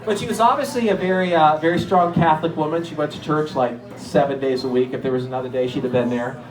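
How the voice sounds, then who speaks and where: A male stand-up comedian with a fairly high voice, telling stories in a loose, conversational, self-deprecating way. He is recorded in a roomy space with a strong echo. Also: fast talker. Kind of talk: stand-up routine. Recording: echoey room.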